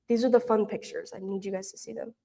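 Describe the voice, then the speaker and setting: Fairly high in pitch, creaky and dark with a breathy edge, a young woman's voice reports to a church prayer meeting as she shows pictures. She's a mission intern from Louisiana in the US South, telling stories chattily, rambling with many fillers and restarts.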